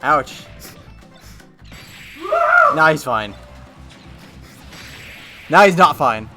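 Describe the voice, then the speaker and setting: A man doing live tournament commentary at a gaming event, excitable and quick to break into shouts and laughter. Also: a little high, loud music behind the voice. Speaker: esports commentator. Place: tournament venue.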